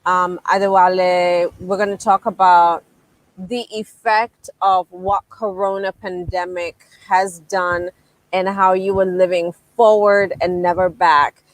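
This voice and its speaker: A woman's voice: fairly low pitch, level tone, takes it slowly, no room sound, rough recording. A woman hosting a casual interview, upbeat and affirming as she sets up the next topics. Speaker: podcast host.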